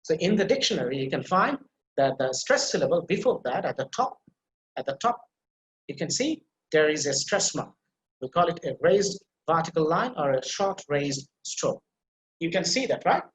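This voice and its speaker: A man's voice: a little high, lively intonation, moderate pace, a bit bright, echoey room, low-quality recording. A man teaching a pronunciation class on a video call, explaining patiently with many fillers and repetitions.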